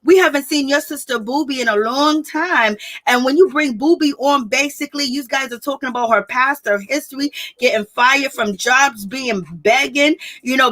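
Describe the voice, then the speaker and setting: A woman with a bright, high voice runs through a reality TV episode in casual recap commentary. She tells it like gossip to a friend, animated and quick to laugh.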